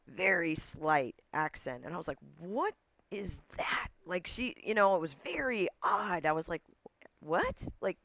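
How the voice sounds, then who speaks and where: A man chatting as an interview guest, animated, laughing often and acting out the voices of people he quotes. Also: on the high side, moderate pace, hardly any pauses. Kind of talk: casual interview chat.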